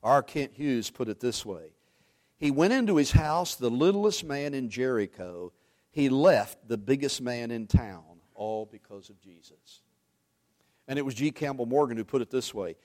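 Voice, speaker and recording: A man preaching a sermon, animated, swinging from loud emphasis to hushed asides and quizzing the congregation. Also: medium pitch, moderate pace. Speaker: pastor.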